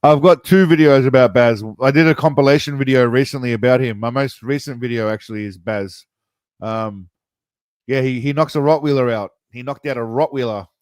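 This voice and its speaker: A man chats through a live reaction stream, loose and joking, dropping casual swears and greeting his viewers. His voice sits at an ordinary pitch and sounds dry and close to the mic. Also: brisk, dry recording.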